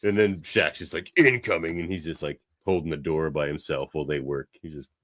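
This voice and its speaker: A man's voice: extremely low pitch, brisk, dry recording. A man hosting a podcast, recapping a comic in enthusiastic casual chat, often laughing. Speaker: podcast host.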